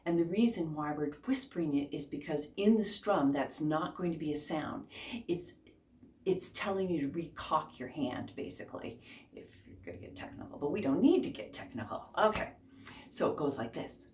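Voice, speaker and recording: A woman's voice: deep voice, lively intonation, moderate pace, darkish tone. A woman in her fifties teaching a beginner ukulele lesson, encouraging and counting along with her students. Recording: echoey room, faint noise.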